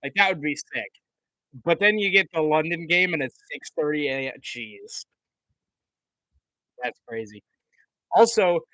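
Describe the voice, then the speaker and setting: A man's voice: on the high side, fairly bright tone, no echo, rough recording. A young man doing live play-by-play commentary on a stream, chatting casually with viewers between plays. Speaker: livestream commentator.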